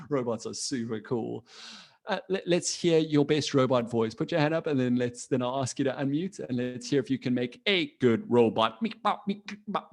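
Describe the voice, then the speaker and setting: A man's voice: medium pitch, darkish tone. Cheerful man teaching kids online. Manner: friendly, encouraging, laughs often; casual, with fillers and restarts. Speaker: coding teacher for children. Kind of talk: live online class. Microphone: video call.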